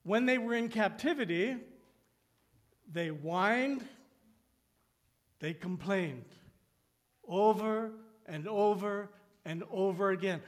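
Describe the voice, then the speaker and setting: A pastor with a high, light voice preaches to his congregation, slowing and dropping almost to a hush on key phrases. He then jumps up in pitch to imitate whiny complainers.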